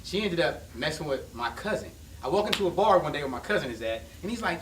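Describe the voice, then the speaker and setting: A man telling stories in a casual podcast chat, animated with loud bursts and many restarts. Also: a little high, quick pace, hardly any pauses. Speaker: podcast guest. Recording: roomy, distant mic, faint noise.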